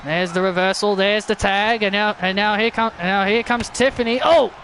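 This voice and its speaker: Excitable male wrestling commentator, very high voice, shouty play-by-play with stumbles. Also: normal speed, slight background noise. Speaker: wrestling commentator and channel host. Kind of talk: excited play-by-play commentary of a video game match.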